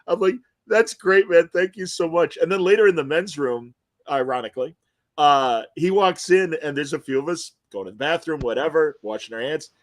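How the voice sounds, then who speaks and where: A man with a slightly high voice hosts a podcast in a casual, chatty style. He tells his stories with animation and feeling, warm and personal in delivery. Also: brisk. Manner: animated, emotional storytelling. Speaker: podcast host interviewing comic creators. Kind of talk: casual chat.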